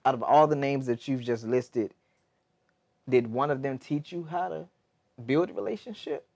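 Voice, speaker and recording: A man's voice: mid-range voice, normal speed, darkish tone. A male interviewer with an ordinary mid-range voice, attentive and affirming. He reflects thoughtfully and leads into his next question. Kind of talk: interview, encouraging listening.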